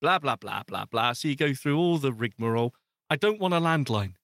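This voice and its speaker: A man's voice: mid-range voice, animated, fairly quick, a bit bright, no echo, studio quality. A man co-hosting a podcast, ranting with exasperation and laughing often in casual chat. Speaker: podcast co-host.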